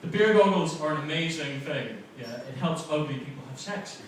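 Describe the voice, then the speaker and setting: Young Northern Irish stand-up, self-deprecating and chatty, voice a touch high, caught from a distance in a booming, noisy club. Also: male voice, fairly quick. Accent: softened Northern Irish. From Northern Ireland. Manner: chatty, self-mocking, bantering with the crowd. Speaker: stand-up comedian. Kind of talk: stand-up comedy set. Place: comedy club, live room. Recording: echoey club from far off, noisy.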